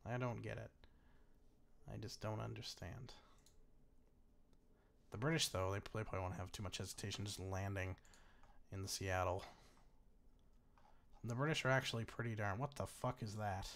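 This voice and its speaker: A man's voice: on the low side, measured pace, gravelly, long pauses, a bit bright. Chatty bemused man commentating a strategy game. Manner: chatty, bemused, swears freely, laughs often. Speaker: gaming YouTuber. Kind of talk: casual let's-play commentary.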